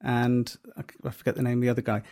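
A man's voice: medium pitch, level tone, very fast, warm tone. A man co-hosting a podcast, musing aloud and asking questions in casual chat. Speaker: podcast co-host.

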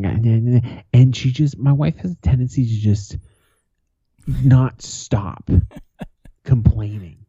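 A man's voice: lowish voice, unhurried, mellow, breathy edge, no room sound. A man in his thirties co-hosting a podcast, telling profane stories in casual banter and laughing often. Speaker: podcast co-host. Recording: dull lo-fi, dry.

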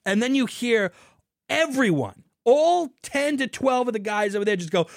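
A man hosting a casual show, telling a story in an animated way with lots of swearing, then talking about beer hops. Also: extremely high pitch, measured pace, no echo, studio quality. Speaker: podcast host.

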